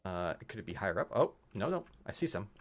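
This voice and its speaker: A man's voice: low-pitched, sing-song, quick pace, a little hiss or hum. A man streaming a video game from home, chatting casually and thinking aloud with many fillers. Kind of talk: casual gameplay chat.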